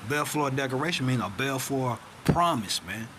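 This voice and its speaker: A man's voice: medium pitch, lively intonation, moderate pace, fairly bright tone, a little hiss or hum. A man teaching informally, reading documents aloud and stopping to ask rhetorical questions. He keeps checking in with "all right?", "man" and "see that?" in street-casual grammar. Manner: rhetorical questions answered himself. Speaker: self-styled teacher.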